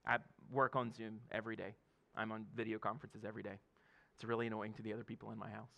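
A pastor in his thirties delivers a sermon in a relaxed, talky way, often laughing and checking in with the room. His voice has a gravelly edge. It also carries a bright, forward tone. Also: fairly low pitch, quick pace. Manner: conversational preaching with frequent laughs and "okay?" asides.

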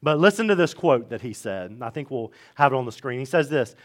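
A man's voice: mid-range voice, very animated, brisk. A man, preaching a sermon in a church in a casual, conversational way and repeating key points for emphasis. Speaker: pastor. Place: church sanctuary.

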